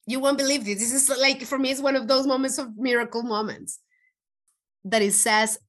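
A woman guest in an interview, telling an emotional personal story in an earnest, animated way, with frequent restarts. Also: sits high, normal speed. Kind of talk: conversational podcast interview.

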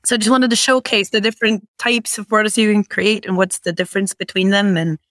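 A woman's voice: medium pitch, steady tone, fairly quick, fairly bright tone, no echo. A woman from Norway, a podcast guest chatting and explaining things with enthusiasm. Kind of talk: interview chat.

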